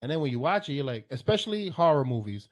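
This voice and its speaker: Laid-back thirties guy, higher-pitched voice, profane casual storytelling. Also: big pitch swings, fast talker, dull audio. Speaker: podcast co-host. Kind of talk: casual chat.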